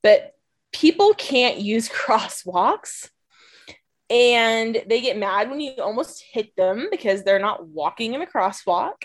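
Woman, casual chat, self-deprecating, slightly high voice, trailing off. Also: animated, slow. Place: lives in a mountain ski town.

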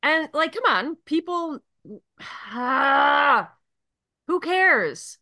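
Woman co-host on a podcast, swears a lot, ranting, high bright voice, super lively. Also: extremely slow. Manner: profane, ranting, laughs often. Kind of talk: casual podcast chat.

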